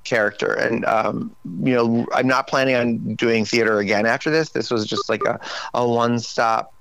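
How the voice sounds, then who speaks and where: A tired man in his forties chats casually, his voice slightly worn and strained. He jumps into lively, raised impressions of his own outbursts as he tells his stories. The sound is close and dry. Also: mid-range voice, moderate pace, vocal fry, no echo, low-quality recording. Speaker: guest. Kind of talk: casual interview chat.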